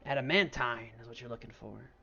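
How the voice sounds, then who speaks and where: A man's voice: medium pitch, a little fast, vocal fry, sharp tone, slightly rough, faint music behind, full character voice. A man voicing a blunt, offhand male forge shop worker in a tabletop game, over a dull lo-fi stream mic.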